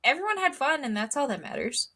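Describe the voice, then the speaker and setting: A woman's voice: high-pitched, sing-song, quick pace, bright, forceful tone. A young woman co-hosting a casual podcast, rambling with lots of ums and wry asides. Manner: rambling, filler-heavy, wry. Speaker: podcast co-host. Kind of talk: casual chat.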